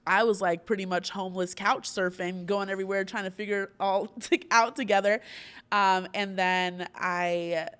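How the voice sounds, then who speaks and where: A woman's voice: medium pitch, fairly even intonation, normal speed, fairly bright tone, clean tone. A young woman from Orlando, hosting a podcast, telling a story in casual chat with many fillers and frequent laughs. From Orlando, Florida. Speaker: podcast host.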